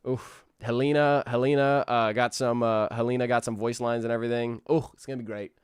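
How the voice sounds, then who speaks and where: A man's voice: mid-range voice, little pitch movement, fairly quick, clean tone, dry recording, studio quality. A man in his twenties chatting casually with viewers on a live stream, rambling and restarting his sentences. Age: 20s. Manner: rambling, restarts, laughs easily. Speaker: animator streamer.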